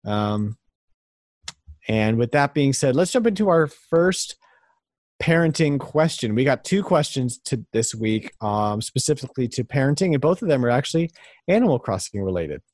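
A man's voice: mid-range voice, sing-song, normal speed, a little mellow, no echo. A man in his thirties co-hosting a casual podcast, earnest and hesitant with many fillers. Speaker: podcast co-host. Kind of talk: casual chat.

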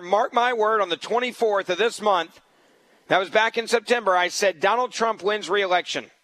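A man with a high-pitched, slightly bright voice fills in as host of a political talk radio show. He gives an emphatic, combative monologue full of repeated points, recorded poorly with no room sound.

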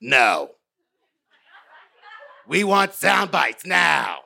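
A woman's voice: fairly low pitch, animated, a little slow, creaky, pushed and bright, voice pushed up, exaggerated voice. A man voicing a pushy, fake-cheery female TV producer with a tight, strained throat voice. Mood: curt. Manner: bossy and chirpy, barking directions.

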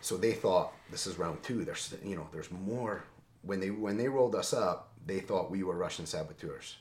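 Deep voiced guy telling a story, emphatic, keeps going "right?", echoey room. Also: moderate pace, a little hiss or hum. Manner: animated, emphatic, tags lines with "right?". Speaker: interview guest. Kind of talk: casual storytelling. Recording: roomy echo.

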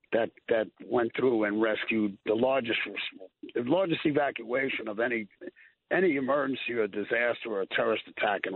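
A man speaks earnestly and with feeling, often repeating himself as he tells his story. His voice sits somewhat low. The sound is dry and thin, like a phone line. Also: vocal fry, husky, dry recording. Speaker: firefighter guest. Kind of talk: emotional call-in storytelling.

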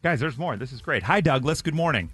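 Bubbly, animated male radio host. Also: on the high side, fast, husky, no echo, faint music behind. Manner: bubbly, effusive, laughs often. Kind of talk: morning radio chat.

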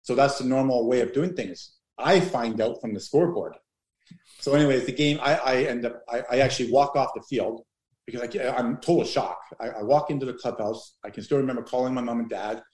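A man in his fifties telling rambling, animated stories as an interview guest, with many restarts. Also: medium pitch, brisk. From Canada. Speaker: guest, former pro baseball player. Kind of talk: casual storytelling interview. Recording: roomy echo.

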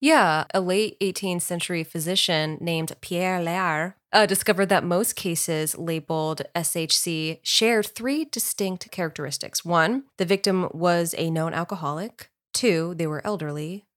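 A woman with a slightly low voice co-hosts a casual podcast. She recounts researched facts in a narrating tone, relaxed and quick to giggle. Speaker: podcast co-host. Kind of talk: casual chat with read-out research.

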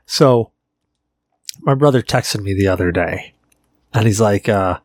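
A man's voice: fairly low pitch, measured pace. A man from Virginia co-hosting a podcast, telling stories in casual chat with swearing and laughter. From Virginia, United States. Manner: animated storyteller, laughs, swears often. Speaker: podcast co-host.

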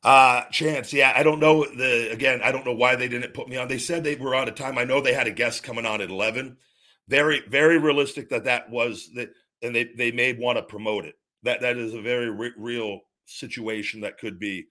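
Middle-aged guy ranting casually, swears a lot, rambly, mid-pitched voice. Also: fairly even intonation, a little fast, bright, forceful tone. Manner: blunt, profane and rambling; quotes others in retold dialogue. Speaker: host. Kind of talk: casual solo talk.

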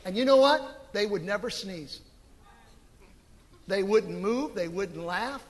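A middle-aged man preaching a sermon as pastor, animated and emphatic, with sudden loud swells. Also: sits high, slow pace, big-room sound. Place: church sanctuary.

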